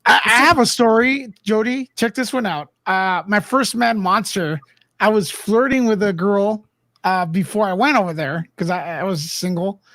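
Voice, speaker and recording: A co-host in a relaxed chat, telling a story in an easygoing way. The voice sits in a middle pitch. The recording is dry and close. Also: normal speed, no room sound. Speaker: podcast co-host. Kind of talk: casual storytelling.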